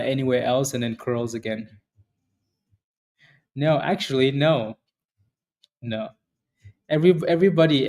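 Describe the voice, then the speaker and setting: Man, live trading stream host, dark mellow voice, rambling, chatty. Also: mid-range voice. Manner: chatty, answers viewers by name; rambling with many restarts. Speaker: stock trading livestream host. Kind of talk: live-stream market commentary.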